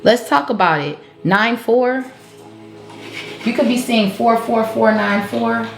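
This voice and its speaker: A woman's voice: on the high side, takes it slowly, vocal fry. A woman giving a collective tarot reading, blunt and profane, laughing often as she calls out the cards. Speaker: tarot reader. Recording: roomy echo with faint music.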